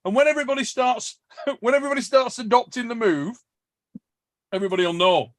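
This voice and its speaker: English male podcast host, high, dry voice, bantering and laughing. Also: quick pace, no echo. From England. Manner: jokey, laughing, calls people mate. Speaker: podcast host reading super chats. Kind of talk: casual chat.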